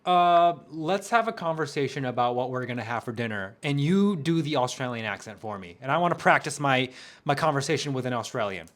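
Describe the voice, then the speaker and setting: A man's voice: medium pitch, animated, brisk, fairly bright tone. A young man hosting a casual podcast chat, laughing often and repeating words for emphasis. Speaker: podcast host.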